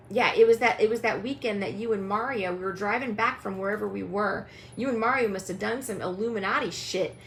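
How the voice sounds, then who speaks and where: A woman's voice: mid-range voice, creaky, a bit bright, low-quality recording. A young woman hosting a livestream, ranting angrily and mockingly, swearing and calling out people directly. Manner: angry, profane, mocking, addresses people directly. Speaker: tarot reader hosting a livestream. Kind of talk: livestream rant to viewers.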